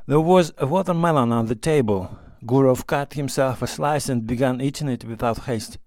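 Calm male audiobook narrator, dry sound. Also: medium pitch, normal speed, hardly any pauses, no echo. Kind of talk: scripted narration.

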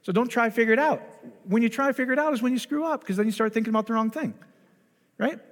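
A male pastor giving a conversational sermon, lively and animated, who keeps checking in with his congregation. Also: very high-pitched, racing, long reverb tail.

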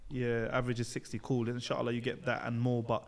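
A man's voice: mid-range voice, monotone, fast talker. A young man co-hosting a podcast, chatting casually and teasing his friends. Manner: laid-back, jokey, teasing. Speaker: podcast co-host. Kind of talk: casual chat.

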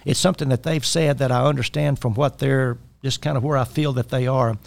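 A man's voice: mid-range voice, fairly even intonation, brisk, creaky, no echo. A man talking as a life coach about faith and personal responsibility, earnest and exhorting. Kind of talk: faith-based coaching talk.

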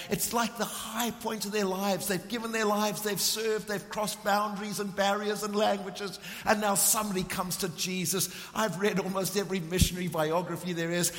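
A middle-aged man from Africa, preaching a passionate sermon that swings from ringing emphasis to hushed intensity. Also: sits high. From South Africa. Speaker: visiting preacher. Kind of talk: sermon with storytelling. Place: church hall. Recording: long reverb of a large hall.

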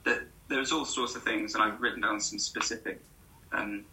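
A man's voice: on the low side, steady tone, normal speed, bright, forceful tone, poor audio. A man from the West Country with a light West Country accent, casually explaining accents and hesitating with ums. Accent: light West Country English. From West Country of England. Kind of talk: casual conversation.

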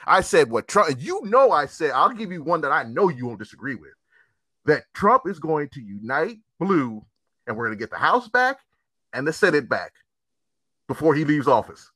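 A man hosting a casual chat, ranting in an animated, profane, emphatic way. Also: a little high, normal speed, no room sound.

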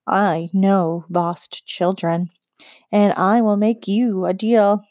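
Witch queen of the forest, cold and mocking, drawn-out lines, dry close sound, read by a woman. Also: mid-range voice, level tone, darkish tone, no echo, natural voice. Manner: mocking, slow and deliberate. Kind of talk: audiobook character reading.

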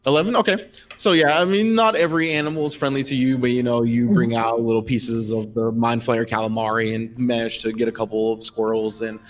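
Relaxed man running a tabletop game. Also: medium pitch, a little fast, far from the mic. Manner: relaxed, filler-heavy, laughs often. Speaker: game master.

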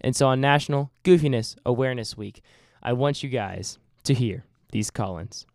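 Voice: mid-range voice, normal speed, darkish tone, no room sound, studio quality. A podcast host chatting casually at home, goofy and rambling, breaking into bits of song.

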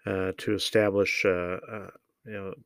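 A man giving opinionated solo political commentary, measured and deliberate, with frequent ums and uhs. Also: low voice, level tone, gravelly, smooth, no room sound.

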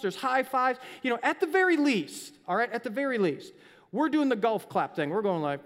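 High-voiced pastor preaching in a reverberant hall. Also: male voice, lively intonation, moderate pace, a bit bright. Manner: conversational, acts out scenes with voices. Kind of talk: sermon.

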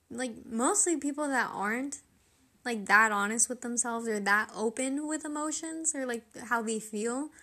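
A woman's voice: a little high, fairly bright tone. Chatty young woman, rambling podcast talk. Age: young adult. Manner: chatty, rambling, self-questioning; laughs often while talking. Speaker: podcast host. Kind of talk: casual solo podcast chat.

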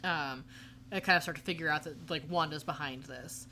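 A woman's voice: deep voice, brisk, pushed and bright, a little hiss or hum. A woman co-hosting a podcast, recapping a TV episode in casual chat and filling her talk with "like" and "um". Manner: chatty, heavy with "like" and "um". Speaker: podcast co-host.

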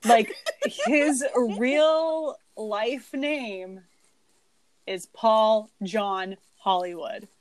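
A young woman co-hosts a podcast in a wry, chatty way, her voice set a little high. She is recorded close and dry, with no room sound. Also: dry recording. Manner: chatty, wry, reads aloud quickly. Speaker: podcast co-host. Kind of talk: casual chat.

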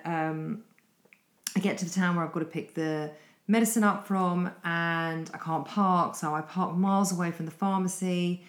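A woman's voice: lowish voice, steady tone, normal speed, reverberant. A middle-aged British woman, a coach, telling a long story in a rambling, self-deprecating way. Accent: British English. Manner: rambling, breathless retelling with self-deprecating asides. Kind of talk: casual storytelling monologue.

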